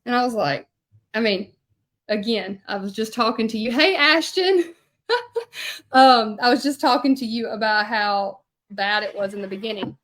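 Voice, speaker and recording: A hand-lettering artist who hosts her own channel chats casually with livestream viewers from her home craft studio while lettering a sign. Her mid-range voice moves at a normal speed with fairly even intonation, and she drifts from stories back to the task as she paints.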